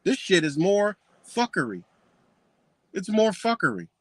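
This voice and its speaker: Reacting to a book, a male commentator mocks the text with profanity and scorn, peppering it with rhetorical questions. His high voice swings widely in pitch, he speaks a little slowly, and there's no room sound.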